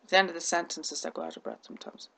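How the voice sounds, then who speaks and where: A woman's voice: fairly low pitch, very animated, racing, vocal fry, fairly bright tone. A woman vlogger talking to camera with a stammer, repeating words, restarting sentences and running out of breath at the ends of sentences. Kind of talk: casual talk to camera.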